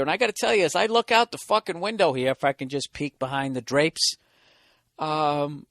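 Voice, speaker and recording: A man's voice: mid-range voice, fairly bright tone, no room sound, studio quality. A man hosting his own podcast from a hotel room, ranting in a sarcastic, profane, rambling way. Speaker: podcast host. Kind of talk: solo comedic podcast rant.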